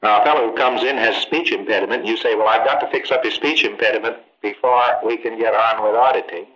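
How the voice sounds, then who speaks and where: Male lecturer, bright and pointed, emphatic, quips and rhetorical asides, dull old tape. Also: lowish voice, fairly even intonation, fast, a little hiss or hum. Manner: emphatic, acts out exchanges, rhetorical questions. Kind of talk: informal training lecture.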